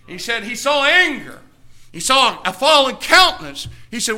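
A male pastor preaching a fiery sermon, emphatic, swinging between shouted passages and hushed ones. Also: very high-pitched, sing-song, normal speed.

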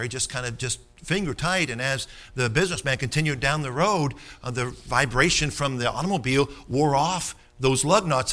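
Man, preacher, sermon, storytelling, sharp bright tone. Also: a little high. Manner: storytelling, rousing, calls for amens.

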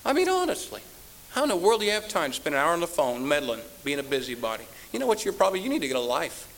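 A man preaching a sermon as pastor, scolding his congregation and rising to shouts. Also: a little high, wildly swooping pitch, fast, vocal fry, a little hiss or hum.

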